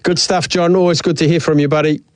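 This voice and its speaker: A male radio host chatting casually about sports in a jokey, animated way. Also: on the high side, fast talker, no room sound.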